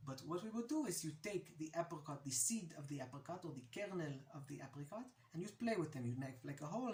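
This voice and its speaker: A woman from Israel with an Israeli accent, casually teaching words and repeating each one slowly so the pronunciation is clear. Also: low-pitched, darkish tone, echoey room. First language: Hebrew. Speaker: language teacher. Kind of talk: casual video lesson.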